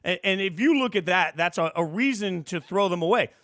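A man hosting a sports talk radio show. He sounds animated and opinionated, happily stirring up debate. His voice is high and bright, recorded dry in a studio. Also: a little fast, dry recording. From Las Vegas.

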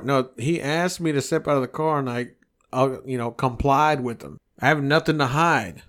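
A man's voice: medium pitch, moderate pace, fairly bright tone. A man co-hosting a podcast, ranting in a heated, profane, rambling way. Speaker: podcast co-host. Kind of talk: casual podcast rant.

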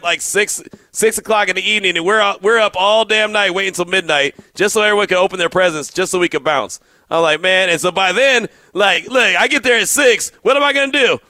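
A man hosting a sports call-in radio show, telling lively stories and laughing easily. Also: high-pitched, dry recording.

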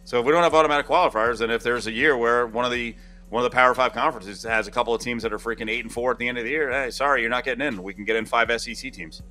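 A man hosting a casual sports talk show, talking in a rambling, animated way. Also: mid-range voice, racing, faint music behind.

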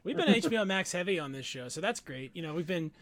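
Animated, high-voiced man joking about movies. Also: fast talker, a crowd in the background. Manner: animated, jokey, mimics movie lines. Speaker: podcast co-host. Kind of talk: casual movie review chat.

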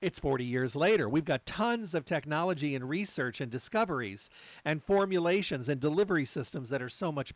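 A middle-aged man hosting a supplement talk, telling stories in a chatty, lively way. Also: on the high side, dry recording, rough recording. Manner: chatty storyteller, lively asides. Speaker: health supplement talk host. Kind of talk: casual monologue.

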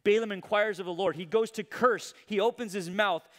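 Male pastor, sermon storytelling, high voice, animated, dramatic loud-to-hushed delivery. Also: moderate pace, in a large hall.

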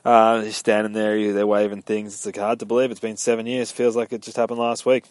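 A man's voice: lowish voice, flat delivery, fairly quick, darkish tone, no room sound. Man, young, rambling, profane, casual game recap, dry sound. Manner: rambling, profane, slips into quoted voices. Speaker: gamer recapping a story. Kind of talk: casual retelling of a game's story.

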